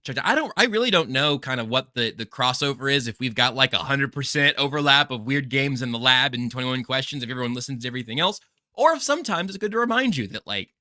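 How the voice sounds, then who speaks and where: A man's voice: mid-range voice, sing-song, fast talker, bright, forceful tone, no room sound, clean studio sound. A man hosting a casual sports podcast, rambling and joking in a self-deprecating way. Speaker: podcast host.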